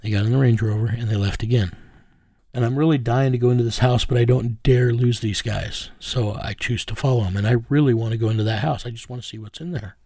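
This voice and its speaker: A man's voice: mid-range voice, fairly even intonation, quick pace, dark tone, dry recording. A man telling, in plain, folksy words, the story of a case he tracked as an investigator. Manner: plain-spoken, drawling, folksy phrasing. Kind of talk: casual first-person storytelling.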